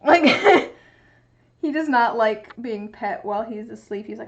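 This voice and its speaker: On a casual stream with muffled, lo-fi sound, a young woman talks with her viewers in an unhurried, fairly high voice. Now and then she coos at her cat in baby talk.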